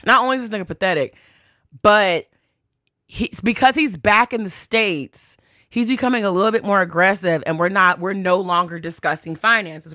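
On her podcast, a woman chats her way through a casual story, swearing freely and reading out texts in an animated retelling. She speaks at a medium pitch, and the studio-quality audio is free of echo.

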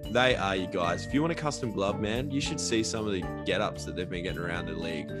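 A man's voice: deep voice, fast, loud music behind the voice. A man co-hosting a casual sports podcast, chatty and upbeat, reading sponsor plugs. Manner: upbeat, chatty, repeats catchphrases. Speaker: podcast co-host.

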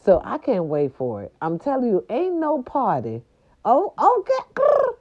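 A woman's voice: medium pitch, wildly swooping pitch, moderate pace, muffled recording. A woman hosting a podcast in casual holiday chat, sassy and playful, who breaks into little growls. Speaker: podcast host.

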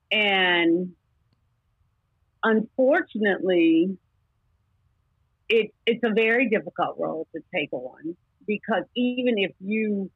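A woman's voice: breathy edge, no room sound, phone-quality sound. A middle-aged woman talking in a podcast chat, acting out both sides of a quarrel as she tells it. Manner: acts out both sides of an argument with rising pitch. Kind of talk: animated storytelling in casual chat.

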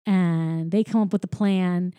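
Rambling sarcastic woman, dark dry voice. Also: lowish voice, fairly even intonation, a little slow, clean tone, no echo. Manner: rambling, sarcastic, many fillers. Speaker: podcast co-host. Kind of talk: casual chat recapping a movie.

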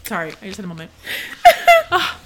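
A woman's voice: fairly low pitch, very animated, brisk, pushed and bright. A woman co-hosting a podcast, chatting casually and emotionally about a book, giggling and gushing between passages she reads aloud. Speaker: podcast co-host.

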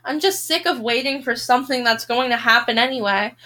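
A woman reading aloud as a despairing, sick teenage girl, in a flat, resigned voice. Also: a little high, fairly quick.

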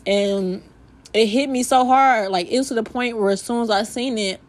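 A woman's voice: a little high, moderate pace. Heartfelt, emotional young woman podcaster. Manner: heartfelt, repetitive "like", ends in spoken prayer. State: emotional, near tears. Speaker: podcast host. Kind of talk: emotional faith podcast monologue.

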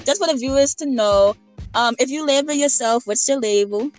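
A young woman hosts a casual podcast, teasing her guest and repeating herself for emphasis. Her voice sits a bit high, with soft music playing faintly under the talk. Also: moderate pace. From Baltimore. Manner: playful, teasing, repeats phrases. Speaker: podcast host.

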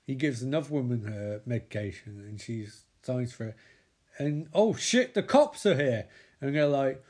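A man recapping a TV episode with sarcastic, sweary, excitable commentary. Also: medium pitch, moderate pace. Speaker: comedic TV recapper.

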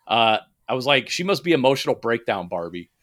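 A man's medium-pitched voice is sing-song, fairly quick and fairly bright as he co-hosts a podcast. He gets animated chatting casually about movies, swearing and laughing frequently, with many fillers and restarts.

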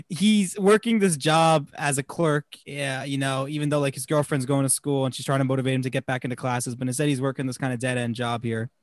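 A man from New Jersey co-hosting a casual movie discussion, animated, laughing often and restarting his sentences. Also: mid-range voice, normal speed, no room sound. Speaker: podcast co-host.

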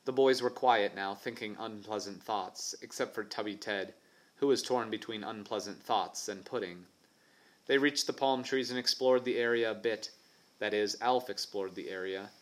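A man narrating a children's adventure audiobook in a steady, even storytelling manner. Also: lowish voice, low-quality recording. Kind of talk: scripted narration.

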